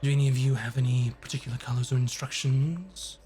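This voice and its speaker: A man's voice: medium pitch, steady tone, brisk, mellow, faint music behind, lightly acted. Fussy formal male tailor, played by the game master, polite but proud. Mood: businesslike. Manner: polite, formal, a bit stiff.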